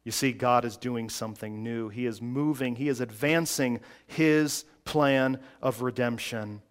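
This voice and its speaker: A man preaching a sermon, slow and emphatic, with dramatic pauses. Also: medium pitch, steady tone, smooth. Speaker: pastor.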